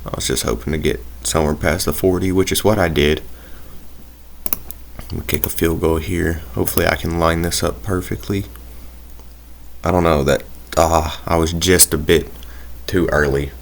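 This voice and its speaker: A man's voice: low-pitched, steady tone, moderate pace, gravelly, long pauses, a little hiss or hum. A young man casually commentating his own football video game play, rambling and hesitant with many fillers. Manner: rambling, hesitant, self-deprecating. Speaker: gaming YouTuber.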